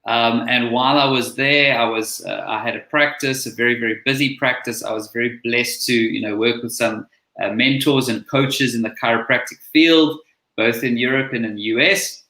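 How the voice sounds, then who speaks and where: A man's voice: mid-range voice, fairly even intonation, normal speed, bright, forceful tone, echoey room, low-quality recording. A man from South Africa with a South African accent, a chiropractor telling his story in a casual interview over a video call. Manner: friendly, earnest, storytelling. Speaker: guest, chiropractor and coach.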